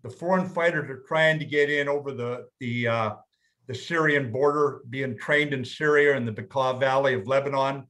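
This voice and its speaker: Older man, plainspoken storyteller, measured, medium pitch. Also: fairly bright tone. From United States. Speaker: guest speaker. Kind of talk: storytelling talk.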